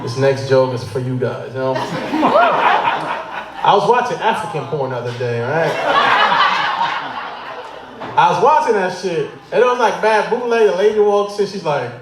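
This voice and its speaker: A man's voice: a little high, lively intonation, moderate pace, long pauses. A man from Hartford, Connecticut, doing a stand-up set with loose, slangy delivery. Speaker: stand-up comedian. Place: brewery bar crowd. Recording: echoey room, noisy bar.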